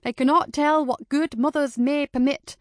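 A woman voicing a calm, composed hostess. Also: sits high, normal speed, no echo, clean studio sound, pitched above the performer's own voice, close to an everyday voice. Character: calm, good-humoured mother and hostess.

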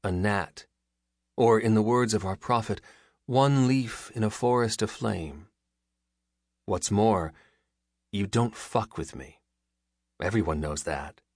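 A man voicing a sly, cruel criminal who taunts in a bright, breezy, menacing way, in an audiobook. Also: fairly low pitch, takes it slowly, pauses often, no room sound, clean studio sound, voice pushed up. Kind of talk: audiobook character voice.

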